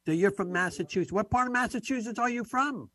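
A man's voice: high voice, fast, a bit bright, no echo. An older man from the Boston area, hosting a call-in radio show with joking, talkative chat.

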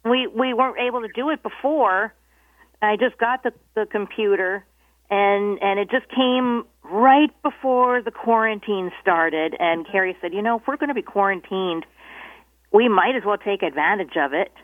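A woman's voice: mid-range voice, normal speed, dry recording. Hesitant woman caller on the phone. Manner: agreeable, hesitant, stammers a little. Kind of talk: casual call-in chat. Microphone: telephone. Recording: tinny phone line, dry.

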